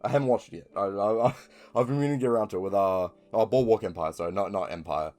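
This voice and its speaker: Faint music plays behind a young New Zealand-accented video creator whose fairly low, slightly mellow voice moves at a quick pace. He rambles casually, with lots of ums and swearing.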